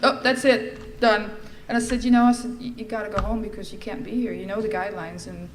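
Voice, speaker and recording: A middle-aged woman shares her recovery story from a podium in a large, echoing hall, with faint room noise behind her. She tells it in a lively way and slips into the voices of the people she quotes. Her pitch sits in an everyday middle range. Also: quick pace. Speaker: speaker sharing her recovery story at a fellowship event. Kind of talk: personal testimony. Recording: echoey hall with faint ambience.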